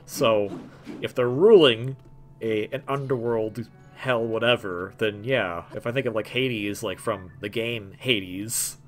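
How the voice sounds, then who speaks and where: A man's voice: lowish voice, slow, fairly bright tone, soft background music. A young man hosting a gameplay video, rambling in a jokey way with lots of stammers and restarts. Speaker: gaming video host. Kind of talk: casual gameplay commentary.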